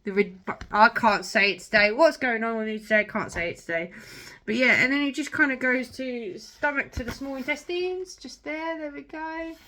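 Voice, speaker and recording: A woman's voice: on the high side, moderate pace, sharp tone. A young woman, casually showing old children's books to her viewers in a chatty, gushing way with lots of filler words. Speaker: vlogger. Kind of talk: casual book show-and-tell.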